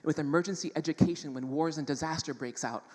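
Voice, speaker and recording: A woman from New York City telling a personal story to an audience in a stage talk, animated and emphatic, laughing often. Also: low voice, quick pace, long reverb tail.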